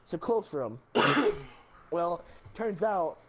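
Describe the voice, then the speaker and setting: A man's voice: high-pitched, slow pace, heavy background noise. Laughing, swearing young guy telling a story. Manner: laughing, profane, animated storyteller. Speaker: gaming channel co-host. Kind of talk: casual storytelling chat.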